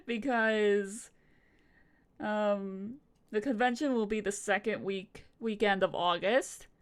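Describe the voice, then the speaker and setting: A woman's voice: mid-range voice, fairly even intonation, takes it slowly, long pauses. A young adult woman streamer chatting casually, rambling with frequent swearing and laughter. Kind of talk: casual live-stream chat.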